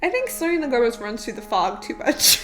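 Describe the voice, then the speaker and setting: Young woman podcast co-host, high and bright, giggly and playful in casual chat. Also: a little hiss or hum. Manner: giggly, playful, bursts into quick excited outbursts.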